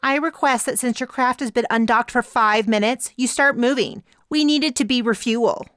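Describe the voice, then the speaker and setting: A woman's voice: a little high, normal speed, fairly bright tone, no room sound, clean studio sound, voice pushed up, lightly acted. A woman doing a smug, gloating rival captain. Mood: frustrated. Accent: slips into an accent when frustrated. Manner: gloating, falsely sweet.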